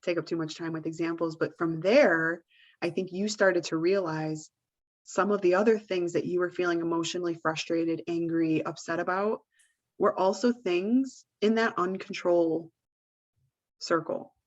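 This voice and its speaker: Woman co-host, lowish voice, talks casually with lots of fillers, muffled lo-fi audio. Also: steady tone, normal speed. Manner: rambling, full of "like" and "you know". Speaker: podcast co-host. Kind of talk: casual advice chat.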